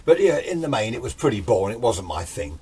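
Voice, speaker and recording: A man's voice: medium pitch, big pitch swings, fast talker, mellow, husky. An older man telling a ghost story in a rambling, chatty, self-deprecating way. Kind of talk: casual spoken ghost story.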